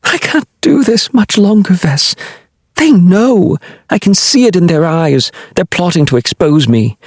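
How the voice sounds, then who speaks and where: A man's voice: sits high, animated, unhurried, no echo, pitched above the performer's own voice, full character voice. Name: Hail Meridian. A man doing a frightened young queen. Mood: fearful. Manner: fearful, breathless, pleading. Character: anxious young queen, secretly a pirate.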